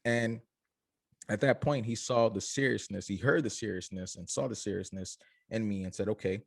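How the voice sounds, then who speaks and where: A low-voiced young man tells his founder story in an interview, acting out the voices of his family as he goes. The sound is dry and close. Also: normal speed, vocal fry, slightly rough, no room sound. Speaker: shoe company founder.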